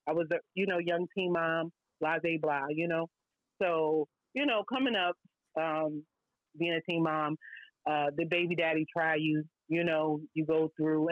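New woman, podcast guest, blunt and lively storyteller, dry and muffled lo-fi sound. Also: on the low side, no room sound. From Brooklyn, New York. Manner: lively, blunt, heavy slang and asides.

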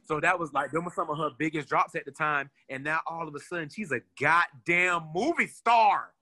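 Animated, bright-voiced man chatting. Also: a little high, normal speed. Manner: animated storyteller, swears freely. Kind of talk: casual chat.

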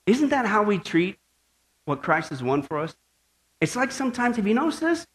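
High-voiced, animated male pastor preaching. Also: moderate pace. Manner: animated, joking, emphatic. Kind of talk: sermon.

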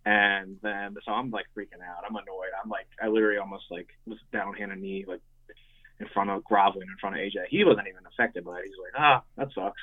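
A man's voice: low voice, level tone, fast talker, breathy edge. A young man, a musician, telling stories casually with lots of fillers and swearing. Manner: rambling, swears freely, many fillers. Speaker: guest, hardcore band musician. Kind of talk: casual storytelling. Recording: tinny phone-like line.

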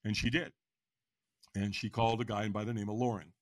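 A man in his sixties, a podcast guest, frankly telling his own story in an animated way and acting out the voices. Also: fairly low pitch, a little fast, no echo. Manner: animated, acts out voices and inner dialogue; frank, casual speech. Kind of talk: personal storytelling in an interview.

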